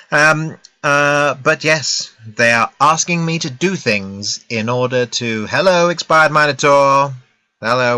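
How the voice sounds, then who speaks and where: A man's voice: mid-range voice, sharp tone. A British man giving casual live-stream commentary on a game at home, chatty and full of self-mocking asides. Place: at home with a laptop.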